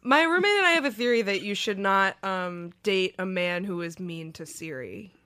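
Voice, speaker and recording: A woman's voice: mid-range voice, lively intonation, moderate pace, pushed and bright. A young woman co-hosting a comedy podcast, chatting casually, giggling often and filling her talk with "like". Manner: giggly, chatty, lots of "like" fillers. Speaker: podcast co-host.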